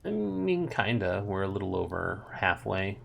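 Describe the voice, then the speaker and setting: A man reads a novel aloud for a stream in a low, easygoing voice. He stops now and then for relaxed, amused comments. A faint hiss sits under the home recording. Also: normal speed, creaky. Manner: relaxed, amused asides between passages. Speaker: story reader and streamer. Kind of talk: casual streamed book reading.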